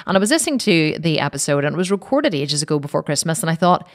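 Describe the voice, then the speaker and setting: An Irish woman hosts her own podcast in a casual, chatty way. Her voice sits a little low, yet it leaps up and down with a lively, animated range. She swears casually as she talks. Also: fast. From Ireland. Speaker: podcast host. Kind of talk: casual solo podcast intro.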